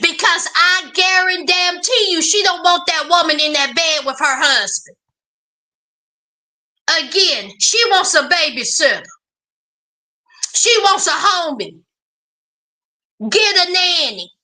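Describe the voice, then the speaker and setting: Very high-pitched sassy woman. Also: slow pace, pauses often. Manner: sassy, animated, calls people "child" and "honey". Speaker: recap host. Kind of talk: casual reality-TV recap commentary.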